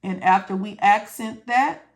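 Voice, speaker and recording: Woman coding teacher, unhurried, keeps repeating words and quizzing then answering herself. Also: mid-range voice, a little hiss or hum. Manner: repeats key words, asks and answers own questions. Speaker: medical coding instructor. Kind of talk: step-by-step tutorial walkthrough.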